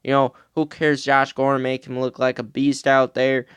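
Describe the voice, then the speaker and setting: A man's voice: medium pitch, monotone, moderate pace, fairly bright tone, clean tone, no echo, natural voice. A man putting on a Southern accent to play a pushy, boastful male football team owner, brash and dismissive. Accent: Southern US, put on.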